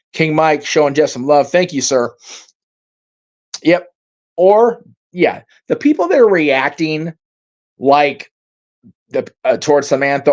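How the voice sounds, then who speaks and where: A man hosting a casual livestream, reading out viewer comments and reacting in a rambling, heated way, swearing freely and using many fillers. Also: a little high. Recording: dull lo-fi stream audio.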